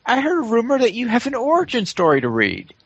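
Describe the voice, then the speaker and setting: Man reciting silly verse, very lively. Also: extremely high pitch, fast, husky, lo-fi sound. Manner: theatrical, wordplay-heavy, bursts into shouts. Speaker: podcast host. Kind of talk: comic poetry recitation.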